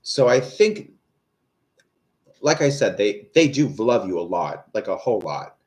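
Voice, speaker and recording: A man in his thirties gives tarot readings on a live stream, with a somewhat low voice. He rambles and hesitates, filling gaps with ums and likes as he talks things through. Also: big pitch swings, a little slow, darkish tone. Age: 30s. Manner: rambling, hesitant, full of fillers. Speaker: tarot reader.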